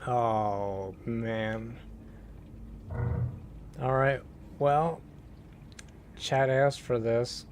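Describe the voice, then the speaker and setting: A man's voice: medium pitch, steady tone, drawn-out words, pauses often, slight background noise. A man streaming a horror game, muttering casual commentary and tossing sarcastic asides to the game and his chat. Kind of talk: casual let's-play commentary.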